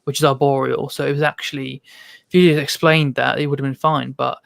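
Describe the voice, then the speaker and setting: A man's voice: mid-range voice, level tone, a little fast, creaky, fairly bright tone, no room sound. A man, a podcast guest, telling casual stories full of ums and restarts. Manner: rambling storytelling with many ums. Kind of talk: casual chat.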